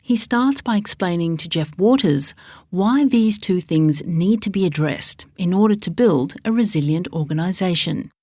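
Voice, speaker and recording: A woman hosting a business podcast, reading a measured, clear scripted introduction. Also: fairly low pitch, expressive, a little mellow, no echo, clean studio sound. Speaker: podcast host. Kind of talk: scripted narration.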